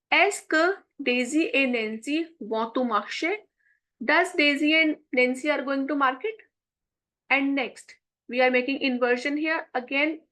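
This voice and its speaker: A woman teaching French grammar. She explains step by step, says French phrases slowly and then translates them. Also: sits high, a bit bright, rough recording. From India. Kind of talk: classroom explanation.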